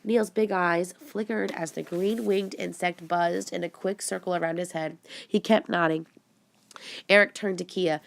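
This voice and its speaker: A woman reading a children's adventure book aloud, steady and expressive. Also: fairly low pitch, normal speed, gravelly. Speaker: audiobook narrator. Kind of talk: storybook narration.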